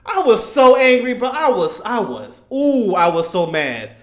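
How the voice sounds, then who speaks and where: Excitable high-voiced man ranting about a show. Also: measured pace. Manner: excitable, rambling, quotes characters in raised voice. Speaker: YouTuber reacting to anime. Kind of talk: casual animated storytelling.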